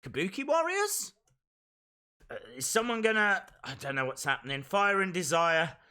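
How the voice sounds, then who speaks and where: Excitable man streaming reactions. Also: sits high, moderate pace, clean tone. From England. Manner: excitable, bursts into shouting. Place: outdoors in a field.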